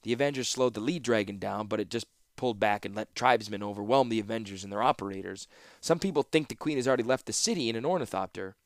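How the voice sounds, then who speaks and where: A nervous male palace steward who stammers and frets, as a male narrator puts him on. The low voice is recorded close and dry. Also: fast, dry recording, natural voice.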